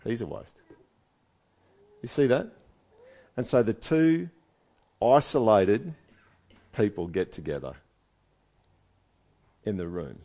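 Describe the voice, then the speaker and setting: A man's voice: lowish voice, lively intonation, takes it slowly, pauses often, warm tone. A man preaching a sermon in a conversational way, asking his listeners one rhetorical question after another. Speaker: pastor.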